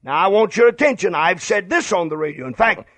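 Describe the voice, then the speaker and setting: A man's voice: sits high, lively intonation, brisk, fairly bright tone, no echo. An older man preaching a radio sermon, emphatic and repeating phrases for stress.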